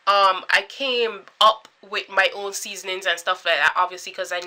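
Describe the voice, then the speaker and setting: A young woman in her twenties with a Caribbean accent, chatting to camera in an animated, storytelling way. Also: medium pitch, moderate pace. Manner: animated, chatty, full of filler likes and dramatic quoted reactions. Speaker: vlogger.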